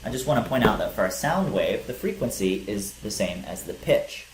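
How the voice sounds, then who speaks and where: A man's voice: on the low side, very animated, normal speed. A male teacher giving a physics lecture, explaining step by step with some fillers. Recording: echoey room with faint hiss.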